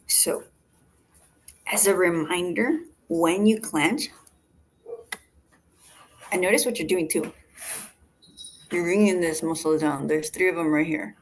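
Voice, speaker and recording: A woman leading a face yoga class over a video call, giving calm step-by-step cues and counting breaths. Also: lowish voice, a little slow, pauses often. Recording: video call audio with faint background noise.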